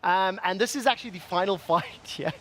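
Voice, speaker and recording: A man hosting an esports broadcast desk, playful and excitable, often laughing with his co-hosts. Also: high voice, fairly quick, a little hiss or hum. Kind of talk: live esports desk chat.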